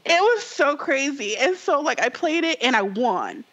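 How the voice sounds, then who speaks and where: A woman's voice: sits high, sing-song, normal speed, fairly bright tone, muffled recording. A woman co-hosting a podcast in casual chat, telling a story animatedly with lots of fillers and acting out the characters. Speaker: podcast co-host.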